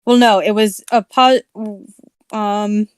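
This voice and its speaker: A woman's voice: mid-range voice, fairly even intonation, slow, clean tone, no echo. A woman co-hosting a casual comedy podcast, teasing and blunt with the others.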